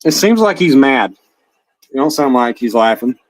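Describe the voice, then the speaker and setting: A man's voice: medium pitch, lively intonation, normal speed, no echo, low-quality recording. A man hosting a livestream, taunting a rival in a heated, profane, mocking rant. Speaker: livestream host.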